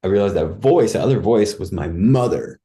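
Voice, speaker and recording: Mellow low-voiced man telling a story. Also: lively intonation, fairly quick. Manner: vivid retelling that acts out his own cries, full of "like" and "dude". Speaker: podcast guest. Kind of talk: casual storytelling.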